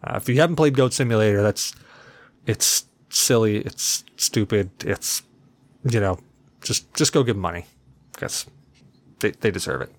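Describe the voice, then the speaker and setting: A man hosting a podcast on his own, talking in a loose, rambling way. His voice sits a little low. He pokes fun at himself and swears without a second thought. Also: normal speed, pauses often. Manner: rambling, self-deprecating, swears casually. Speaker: podcast host. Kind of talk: casual solo podcast chat.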